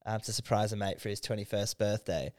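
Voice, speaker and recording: A tipsy young Australian man with a smooth, clear voice, swearing freely and laughing his way through rambling stories. The sound is dry and close, with no room around it. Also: lowish voice, a little fast, a little mellow, dry recording. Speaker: podcast host. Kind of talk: casual drunk chat.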